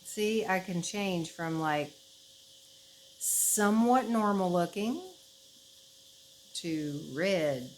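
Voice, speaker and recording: A woman's voice: lowish voice, drawn-out words, long pauses, a little hiss or hum, poor audio. Chatty woman vlogging at home. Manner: rambling, chatty storytelling with many fillers and laughs. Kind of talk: casual chat to camera. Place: her house, indoors.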